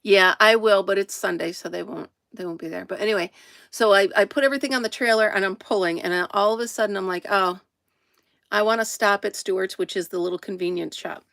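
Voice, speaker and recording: Woman, gravelly, dry close sound, chatty livestream host, camper. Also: mid-range voice, quick pace, fairly bright tone, no room sound. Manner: chatty, laughs often, greets viewers by name. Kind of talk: casual live-stream chat. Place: inside a camper.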